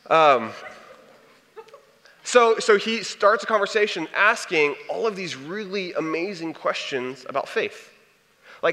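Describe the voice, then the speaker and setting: A young man in his twenties telling a personal story to an audience in a lively, conversational way. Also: on the high side, moderate pace. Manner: animated, conversational storytelling with acted quotes. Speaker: speaker sharing testimony. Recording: long hall reverb.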